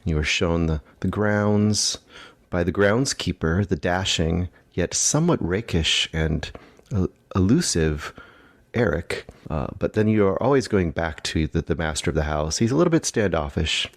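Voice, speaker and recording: A man's voice: low-pitched, animated, normal speed, no echo. A man giving a rambling, wry solo podcast segment and spinning an improvised story with hesitations. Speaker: podcast contributor. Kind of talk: musing monologue, rambling storytelling.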